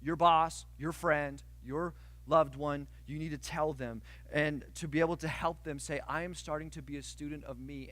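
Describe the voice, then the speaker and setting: A male pastor preaching a sermon, telling stories with sudden loud outbursts and hushed asides. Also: a little high, a little hiss or hum.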